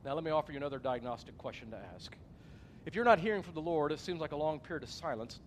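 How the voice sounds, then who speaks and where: A male pastor preaching a sermon in a plain, conversational way, earnest and personal. His voice sits a little higher than most men's, and a faint hiss runs under it. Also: lively intonation, fast talker.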